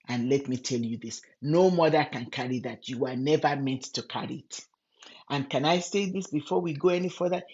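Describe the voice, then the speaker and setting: A woman giving a gentle, earnest devotional Bible teaching, speaking directly to the listener as a friend. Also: sits low, highs cut off. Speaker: Christian women's ministry teacher.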